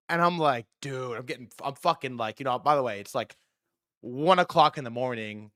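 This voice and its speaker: A young man in his twenties hosting a stream, telling a story in casual talk, profane and animated, switching voices for the people he quotes. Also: medium pitch, brisk, no room sound, studio quality. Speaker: stream host.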